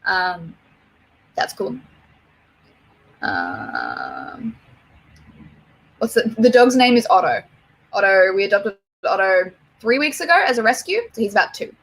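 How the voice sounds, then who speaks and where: A woman's voice: medium pitch, lively intonation, normal speed, fairly bright tone. An Australian woman in her young adult years talks loosely on a livestream. She rambles with plenty of "um" and "like" and swears without a second thought. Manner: rambling, swears freely, many fillers. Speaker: livestream host. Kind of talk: casual livestream chat.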